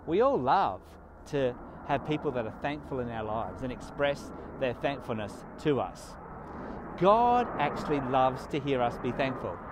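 A man's voice: mid-range voice, very animated, unhurried, background noise. A man giving a sermon, speaking earnestly and pushing up on his key words. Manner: earnest, emphatic preaching with rising stresses. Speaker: pastor.

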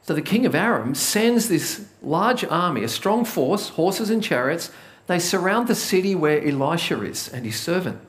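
Animated storytelling preacher, slightly high voice. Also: male voice, moderate pace. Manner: lively storytelling, acts out the biblical characters' panic; talks directly to the congregation with questions. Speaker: pastor. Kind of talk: conversational sermon with Bible reading.

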